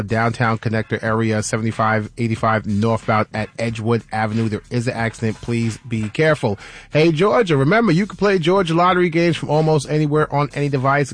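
A man reading a radio traffic report and sponsor message. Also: mid-range voice.

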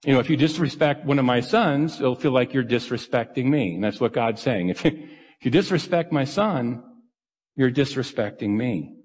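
A man's voice: mid-range voice, expressive, normal speed, a little mellow, husky, big-room sound. A man preaching a sermon as pastor, with earnest, emphatic storytelling.

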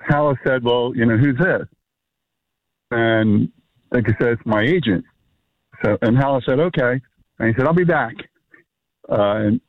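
Man, radio caller, rambling storyteller, mid-pitched voice, tinny phone line. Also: no echo. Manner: rambling storyteller, many fillers. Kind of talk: phone-in anecdote.

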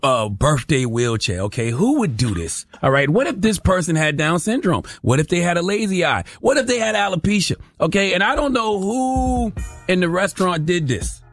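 A man's voice: high-pitched, normal speed, dry recording, clean studio sound, soft background music. A male radio host delivering a mocking comedic rant, tossing in "okay?" after every point. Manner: animated, mocking, repeats "okay?" often.

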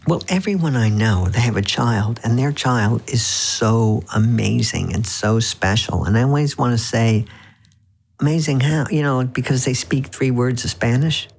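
Wry husky man telling anecdotes. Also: mid-range voice, normal speed, hardly any pauses. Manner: wry, anecdotal, with frequent restarts. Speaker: author guest. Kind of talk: radio interview.

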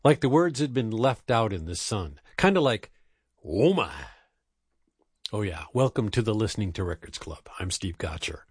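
A man's voice: fairly low pitch, lively intonation, a little fast, few pauses, husky, no echo, clean studio sound. Wry male radio host telling a story. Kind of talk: storytelling monologue.

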